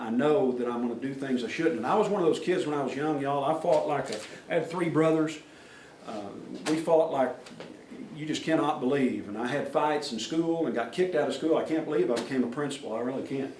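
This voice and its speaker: This is a folksy man at a workplace safety meeting, his mid-range, slightly mellow voice moving a little fast as he tells plain-spoken stories to the audience and acts out quoted voices. He sounds echoey and distant, picked up from far off in a meeting room with faint noise.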